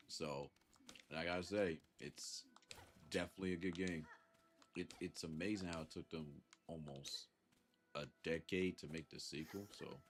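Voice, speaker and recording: Southern guy streaming, real deep voice, stuffy nose, easygoing, chuckles a lot, faint music behind. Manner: laid-back, chuckles often, thanks chatters. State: congested from a sinus infection. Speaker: live streamer. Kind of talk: casual live-stream chat.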